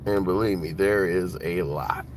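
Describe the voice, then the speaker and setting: Behind the wheel, a man with a low, unhurried voice offers casual vlog commentary that's blunt and mocking, and he chuckles at his own jokes. Faint road and car noise mix with soft background music.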